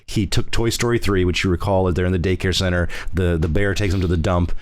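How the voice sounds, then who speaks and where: A man co-hosting a casual podcast chat, telling anecdotes with frequent chuckles and acting out quotes in high voices. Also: steady tone, fast talker, a little hiss or hum. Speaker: podcast co-host.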